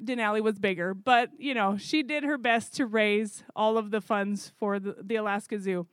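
A woman who coordinates zoo volunteers, telling a story in a chatty, animated way with fillers. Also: medium pitch, normal speed, clean tone, no room sound. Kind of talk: casual storytelling.

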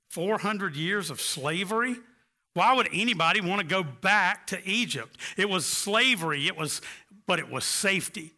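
A man's voice: sits high, animated, normal speed, sharp tone. A man preaching a sermon with impassioned delivery, rising to emphatic peaks. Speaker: pastor.

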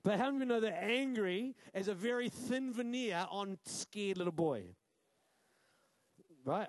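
A male pastor with a New Zealand accent preaching a sermon, punchy and quick to quiz the congregation with "right?". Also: high voice, lively intonation, dry recording. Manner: punchy, asks the crowd "right?" often.

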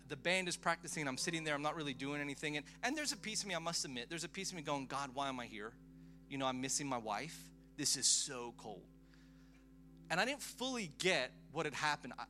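Bright-voiced excitable male preacher. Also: mid-range voice. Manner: animated, excitable, with chatty asides. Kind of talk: storytelling sermon. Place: live event before a congregation.

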